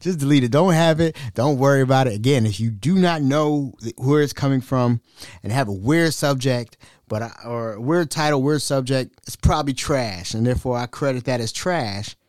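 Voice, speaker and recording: A man's voice: mid-range voice, moderate pace, darkish tone, no echo, clean studio sound. A young adult man hosting a podcast, telling a comic story in a loose, rambling way with frequent restarts. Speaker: podcast host. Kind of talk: casual podcast monologue.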